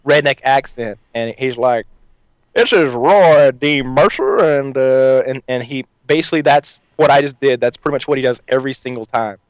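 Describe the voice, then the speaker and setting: A man's voice: medium pitch, a little fast, hardly any pauses, clear, resonant tone, no room sound. Podcast host guy chatting casually, laughs a lot, dry close mic. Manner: animated, laughs often, storytelling.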